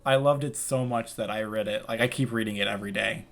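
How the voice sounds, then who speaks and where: A man's voice: fairly low pitch, fairly even intonation, fast talker, fairly bright tone. A young man co-hosting a casual comedy podcast, swearing, riffing on jokes and giggling often. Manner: crude, giggly, riffs and jokes. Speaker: podcast co-host.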